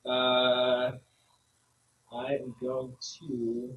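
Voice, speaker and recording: A man's voice: mid-range voice, completely flat delivery, very slow, phone-quality sound. A man playing a tabletop game in a playful, joking manner, recorded in an echoey room from a distance. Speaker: player. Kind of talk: casual tabletop play.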